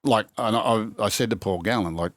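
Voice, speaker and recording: Here a former rugby league coach, an older man with an Australian accent, tells stories casually, performing the quotes and frequently starting over. He speaks a little fast in a lowish, slightly bright voice, and there's no room sound.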